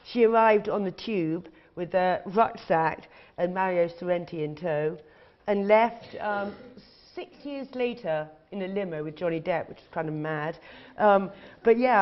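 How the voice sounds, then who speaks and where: A woman's voice: lowish voice, unhurried. A middle-aged woman, a casting director telling candid, casually profane anecdotes to an audience. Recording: dull lo-fi recording.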